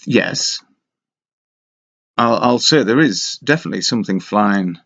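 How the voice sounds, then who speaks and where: A man's voice: fairly low pitch, expressive, measured pace, a bit bright. A man talking in a rambling, casual monologue, wry and self-mocking as he meanders from thought to thought, on a dull lo-fi recording. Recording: dull lo-fi sound.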